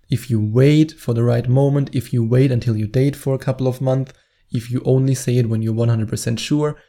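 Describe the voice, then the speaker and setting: A man's voice: mid-range voice, creaky, warm tone. A man giving dating advice straight to camera, stressing points by repeating words over and over. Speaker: dating coach. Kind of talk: direct-to-camera advice vlog.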